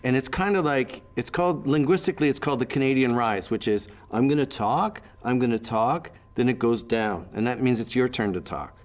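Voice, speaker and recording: A man's voice: medium pitch, a little fast, few pauses. A man giving a reminiscing interview, telling anecdotes and acting out the voices of people he quotes.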